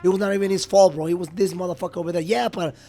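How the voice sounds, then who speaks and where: A man's voice: sits high, fairly even intonation, rapid-fire, warm tone, soft background music. A young man casually telling a profane, rambling story about his work, laughing between lines.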